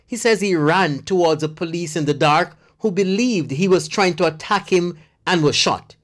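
Measured TV news reporter voiceover. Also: mid-range voice. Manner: measured, formal report delivery. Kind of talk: scripted news narration.

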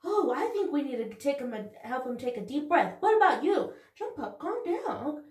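A woman teaching young children in a video lesson, talking slowly and encouragingly in a sing-song way. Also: high voice, big pitch swings, far from the mic. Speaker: preschool teacher. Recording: echoey room, off-mic.

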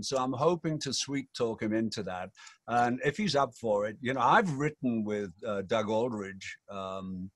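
A man's voice: medium pitch, moderate pace, no room sound. Yorkshire guy in his 60s, camp jokey storyteller, dry close mic, middling voice. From England. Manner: theatrical, jokey, camp asides. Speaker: rock singer. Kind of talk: playful interview chat.

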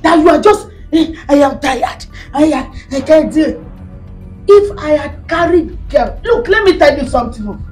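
A woman playing a bossy, scolding Nigerian mother-in-law in a comedy skit, mocking her daughter-in-law and shouting in bursts. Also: high-pitched, expressive, moderate pace, echoey room, soft background music, rough recording.

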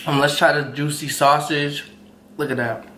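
A man's voice: a little high, fairly even intonation, moderate pace, pushed and bright, slight background noise. A man hosting a casual eating vlog, chatting between bites and laughing often. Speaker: mukbang host. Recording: roomy echoey room.

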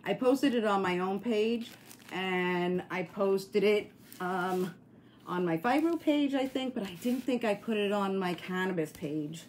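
A woman's voice: mid-range voice, a little slow, darkish tone, a little hiss or hum. A woman hosting a casual livestream, rambling and answering viewer comments while grieving and near tears. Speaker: livestream host.

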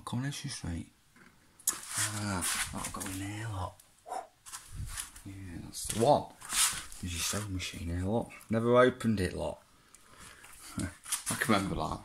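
Against a noisy background, a low-voiced man rummages through boxes of his kid's old belongings. The vlogger chats loosely to the absent child, rambling, cursing, and laughing along the way.

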